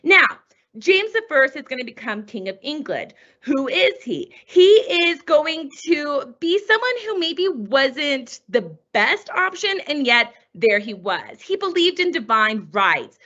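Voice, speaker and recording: Lively, bright-voiced woman teacher. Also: sits high, slow pace, highs cut off. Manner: chatty, asks rhetorical questions. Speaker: history teacher. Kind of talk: lecture over slides.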